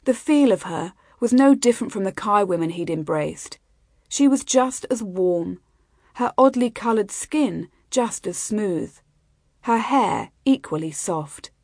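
A woman narrates a fantasy audiobook in an even, measured way. Her pitch sits in the middle range, and the recording is dry and close to the mic with no room sound. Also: no room sound. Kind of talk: scripted narration.

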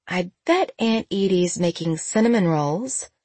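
A woman's voice: on the low side, animated, measured pace, a little mellow, no room sound. A woman voicing a young mother who is firm but affectionate, coaxing her daughter in an audiobook.

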